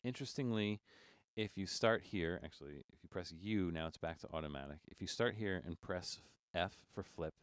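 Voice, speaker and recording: A man teaching a music notation software lesson, explaining step by step with frequent fillers and checking in with "right?". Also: deep voice, normal speed, clean tone, no echo. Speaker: software tutorial instructor. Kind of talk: screen-recorded software tutorial.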